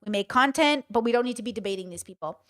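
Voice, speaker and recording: A woman livestreaming, telling stories and giving commentary in an emphatic, animated and blunt way, with frequent swearing. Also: fairly high pitch, fast talker. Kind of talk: casual livestream storytelling and commentary.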